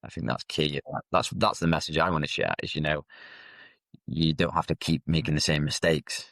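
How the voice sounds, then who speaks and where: A man, telling his own life story as a podcast guest in a halting, reflective way. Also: extremely low pitch, steady tone, gravelly, a bit bright, dry recording. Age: 30s. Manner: reflective, halting, with frequent fillers and restarts. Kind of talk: candid personal storytelling.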